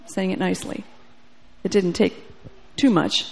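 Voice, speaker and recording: A woman's voice: medium pitch, measured pace, creaky, slightly rough. A woman preacher telling a testimony in a sermon, acting out the dialogue and growing fervent. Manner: storytelling, acts out dialogue, grows fervent.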